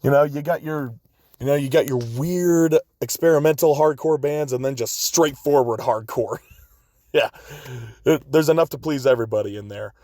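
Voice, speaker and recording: A man hosting a podcast, reading out upcoming gigs in a laid-back way with frequent chuckles and quick asides. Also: mid-range voice, warm tone, no room sound. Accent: American. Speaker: podcast host. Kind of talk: casual show listings.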